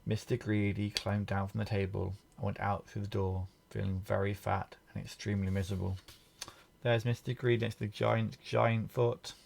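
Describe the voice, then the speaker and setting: A man reading a children's picture book aloud in a gentle way, pointing out the pictures to the listener. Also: lowish voice, flat delivery, normal speed, creaky, slight background noise. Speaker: storybook reader.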